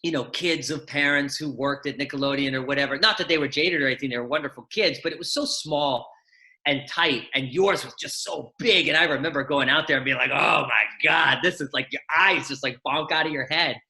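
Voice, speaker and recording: Bright-voiced animated man telling stories. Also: on the high side, brisk. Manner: animated storyteller, acts out voices and shouts. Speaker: guest, actor and former kids' show host. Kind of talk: casual chat, storytelling. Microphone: video call.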